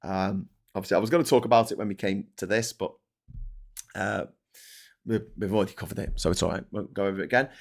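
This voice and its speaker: A man's voice: fairly low pitch, steady tone, fast, vocal fry. A man with an English accent hosting a casual live-stream chat, ranting and swearing freely as he reads viewer messages and newspapers. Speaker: host.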